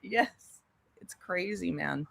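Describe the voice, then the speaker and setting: A woman's voice: fairly low pitch, animated, slow pace, gravelly, a bit bright, dry recording, studio quality. A woman co-hosting a casual gossip livestream, giggly and mocking, who likes doing voices. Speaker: livestream co-host.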